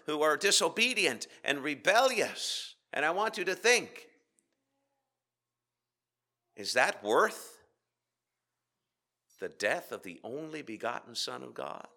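A man's slightly high, sing-song voice with vocal fry carries a church sermon that swings from loud emphasis to whispered asides, punctuated by rhetorical questions and dramatic pauses.

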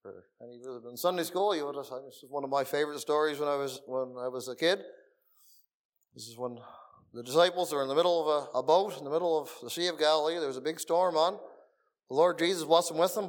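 Middle-aged guy preaching in a meeting room, earnest, fairly high voice, goes quiet then builds up. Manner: earnest, swings between soft murmurs and raised emphasis. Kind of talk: sermon.

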